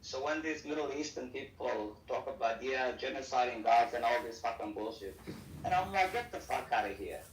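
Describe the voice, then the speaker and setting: A man's voice: medium pitch, moderate pace. A man talking casually in a blunt, heated, profane manner. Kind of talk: casual talk. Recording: echoey, distant mic, faint noise.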